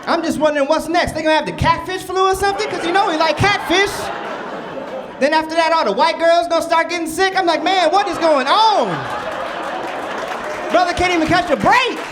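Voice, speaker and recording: A man performing a stand-up comedy set in a club, loud and animated with the crowd. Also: very high voice, fast talker. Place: comedy club stage before a live audience. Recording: noisy club recording with crowd. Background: audience laughter and cheering.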